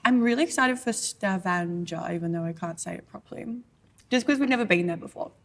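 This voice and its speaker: A woman's voice: lowish voice, fairly quick, fairly bright tone. A woman with an Australian accent, co-hosting a podcast in casual chat, bubbly and rambling. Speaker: podcast co-host, photographer.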